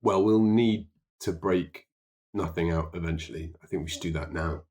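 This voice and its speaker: A man's voice: deep voice, moderate pace, a little mellow. A man playing a tabletop game, laying out a plan decisively. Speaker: player.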